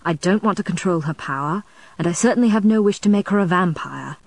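Tormented male vampire, emphatic and low, read by a woman, storybook reading, close and dry. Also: fast, no echo. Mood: anguished. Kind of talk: audiobook character voice.

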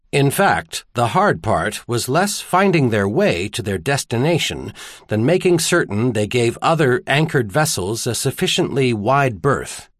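A man reading an audiobook in a measured storytelling delivery. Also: medium pitch, no room sound, clean studio sound. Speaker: audiobook narrator. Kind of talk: scripted narration.

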